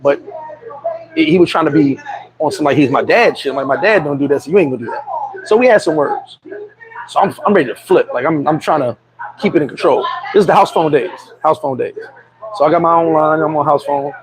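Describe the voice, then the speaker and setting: A man's voice: a little high, brisk, background noise. A middle-aged man hosting a vlog, telling a candid personal story in a streetwise way, restarting and repeating himself. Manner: streetwise, repeats and restarts, frequent "you know what I'm saying". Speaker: vlog host. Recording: loud crowd chatter behind.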